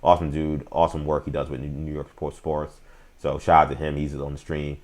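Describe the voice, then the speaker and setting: Low-voiced man hosting sports talk. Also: level tone, a little fast. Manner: opinionated, talks straight to chat viewers; frequent fillers and restarts, slangy. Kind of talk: casual live-stream sports talk.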